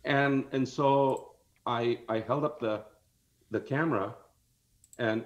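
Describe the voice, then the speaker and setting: A man guesting on a podcast tells a story in an animated way, laughing often. His voice sits at a middle pitch. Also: a little slow, long pauses. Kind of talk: storytelling in casual chat.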